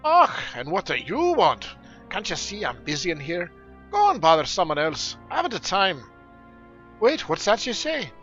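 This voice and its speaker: A man's voice: high-pitched, huge pitch swings, moderate pace, fairly bright tone, lo-fi sound, soft background music, voice pushed up, heavily acted. A man putting on a bluff dwarf quest-giver. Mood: grumpy. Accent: put-on fantasy dwarf brogue. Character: gruff male dwarf quest-givers of a mountain village. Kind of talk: reading game quest text aloud.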